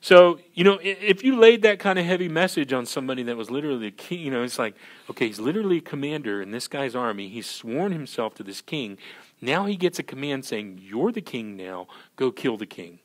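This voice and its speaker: A male pastor preaching at a mid pitch, chatty and animated and full of asides. He slips into little acted-out scenes and keeps checking in with the congregation. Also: fast. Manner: animated, acts out scenes in character voices; conversational, peppered with "you know" and "right". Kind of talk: sermon.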